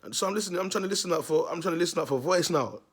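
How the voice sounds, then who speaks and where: A man's voice: on the high side, racing, breathy edge. A man, a vlogger telling a neighbourhood story to his viewers in a slangy, repetitive way.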